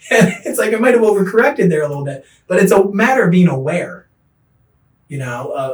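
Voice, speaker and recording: A man's voice: sits high, very animated, fairly quick, recorded from a distance. Earnest guy telling his story on a podcast, echoey room, sits back from the mic. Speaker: podcast guest. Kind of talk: personal recovery story.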